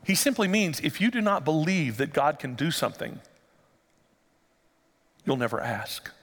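A man preaching a sermon, dramatic, acting out the quoted lines and swinging from hushed to loud. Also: a little high, sing-song, normal speed, big-room sound. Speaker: pastor.

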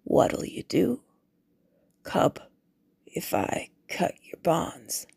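A woman voicing a menacing male guard with a knife, in a low, gruff, threatening mutter. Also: sing-song, slow pace, no echo, exaggerated voice.

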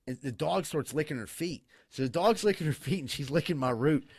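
A man's voice: fairly high pitch, fairly quick, breathy edge. A man spinning a rowdy story on a casual podcast, swearing freely and getting worked up as he goes. He laughs his way through it. The sound is dry and close, with no room echo. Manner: profane, excitable, laughing storyteller. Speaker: podcast co-host.

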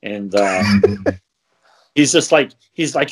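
A man's voice: mid-range voice, slow, pauses often. Guy who refs wrestling, just chatting on a podcast, laughs a lot, lots of ums. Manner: chatty, laughs often, rambling with fillers. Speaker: wrestling referee. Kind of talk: casual podcast chat.

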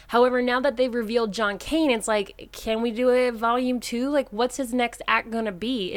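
Easygoing woman with a higher voice. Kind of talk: casual chat about a comic book.

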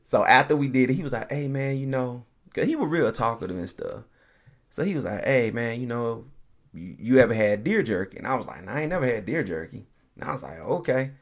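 A man hosting a podcast, telling a long story in a relaxed, animated way, acting out the people he quotes and laughing often. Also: medium pitch, a little fast. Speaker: podcast host. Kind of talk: casual storytelling.

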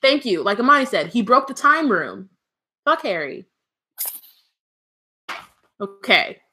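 Bright-voiced woman podcast co-host. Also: on the high side, very animated, slow, slight background noise. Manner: laughs often, swears, many "um" fillers. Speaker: podcast co-host reading the chapter. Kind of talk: casual chat and book reading.

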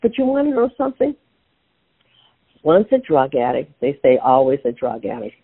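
Older woman guest, gravelly, phone-line sound, animated storyteller. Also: low-pitched, normal speed. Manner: animated storyteller acting out her own quotes. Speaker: author and interview guest.

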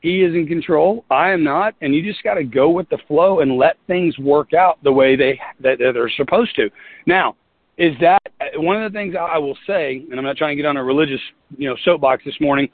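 A man's voice: a little high, a little fast, no echo. A man giving a motivational team talk as a business leader, folksy, earnest and repetitive. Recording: tinny phone-like line.

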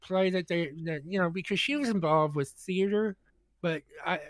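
A man co-hosting a podcast, telling a long story in casual chat, animated and stammering through restarts as he acts out what people said. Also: high-pitched, normal speed, no room sound.

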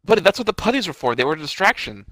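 A man's voice: sits high, very animated, rapid-fire, fairly bright tone, no room sound. A man co-hosting a casual chat about a TV show, laid-back, with short replies and asides. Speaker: podcast co-host.

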